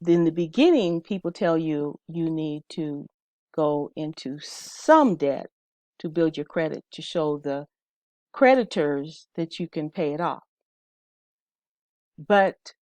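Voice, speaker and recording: A woman's voice: low-pitched, dark tone, dry recording. A woman instructor giving a casual talk-style lesson, often checking in with her listeners. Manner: conversational, checks in with "okay?".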